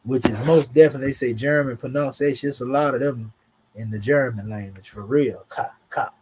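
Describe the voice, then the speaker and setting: A man's voice: medium pitch, a little fast, a little mellow, a little hiss or hum. A man with a Southern US drawl giving a casual, emphatic online lesson, talking through charts in a slangy, conversational way. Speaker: teacher.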